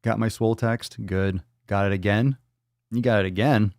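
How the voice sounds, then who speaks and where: A podcast host broadcasts a casual livestream from home, reading chat comments aloud while talking loosely and swearing without restraint. His fairly low voice is steady and a little mellow at a moderate pace, with clean studio sound and no room sound.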